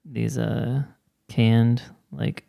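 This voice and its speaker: A man's voice: medium pitch, level tone, extremely slow, gravelly, dark tone. A man co-hosting a podcast in easygoing, jokey casual chat with loose filler words. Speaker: podcast co-host.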